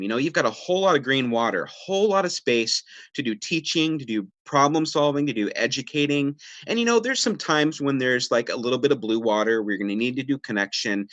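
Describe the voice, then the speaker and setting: A man with a medium-pitched voice runs a parenting webinar by video from a home or office, with no room sound. His casual teaching is relaxed and conversational, full of fillers and "right?", and he acts out what people say.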